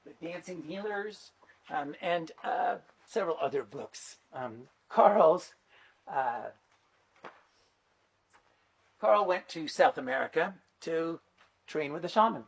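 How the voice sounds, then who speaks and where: A fairly high-pitched, gravelly voice with a breathy edge carries this middle-aged man's conference talk at a measured pace. He is a teacher and conference speaker, an animated, chatty storyteller with many fillers.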